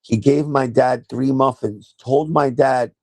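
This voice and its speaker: A man's voice: medium pitch, steady tone, measured pace, gravelly, darkish tone, dry recording. Profane, laid-back male livestream host. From New York. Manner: loose, profane storytelling with laughs. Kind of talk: casual livestream chat. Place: at home, seated in a chair.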